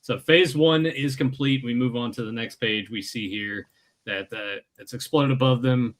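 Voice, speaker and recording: A man's voice: mid-range voice, normal speed. A man in an easygoing podcast chat, reading comic panels aloud and laughing along with his co-host. His voice sits in a plain middle range for a man. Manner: laughs often, asks questions. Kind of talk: casual chat.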